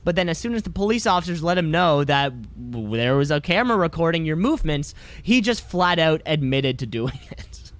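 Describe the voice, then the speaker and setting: Lively rambling male podcast co-host. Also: on the high side, fairly quick, dry recording. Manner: rambling, sarcastic joking. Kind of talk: casual chat.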